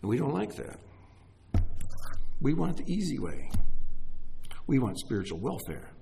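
A middle-aged male pastor delivers a sermon with emphatic energy. His pitch climbs and drops freely as he speaks right to his congregation, pressing and encouraging them. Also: unhurried, gravelly, slight background noise. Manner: animated, emphatic preaching with direct address to listeners.

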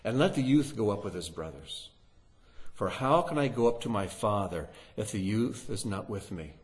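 A man teaching through a Bible passage, reading scripture aloud with rising emphasis and asking his listeners rhetorical questions. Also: fairly low pitch.

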